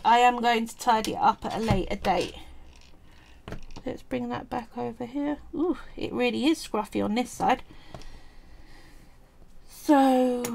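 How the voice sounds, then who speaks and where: A woman's voice: on the high side, vocal fry, a little hiss or hum. A woman with a Cockney accent, talking chattily through a craft tutorial at home, thinking aloud as she works. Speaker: polymer clay crafter and streamer.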